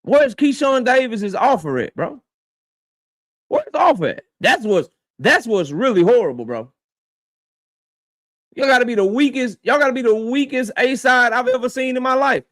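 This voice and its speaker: A man with a high-pitched voice rants as a boxing channel host, speaking straight to the person he is calling out. He is confrontational and swears freely. He hammers each point by saying it more than once. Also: animated, moderate pace, fairly bright tone, dry recording, clean studio sound. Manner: confrontational, profane, repeats his points; addresses his target directly. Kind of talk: heated commentary rant.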